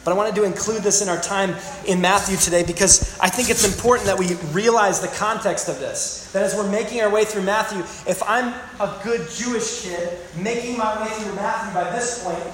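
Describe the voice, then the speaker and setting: A man's voice: sits high, moderate pace, hardly any pauses, fairly bright tone. A man preaching a sermon, emphatic, repeating phrases and asking the congregation questions. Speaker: pastor. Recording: very echoey hall, faint room noise.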